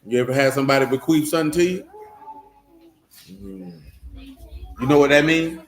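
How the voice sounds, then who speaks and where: A man's voice: mid-range voice, normal speed. A man leading a Bible study, teaching loosely and breaking into teasing, joking asides. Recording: echoey room.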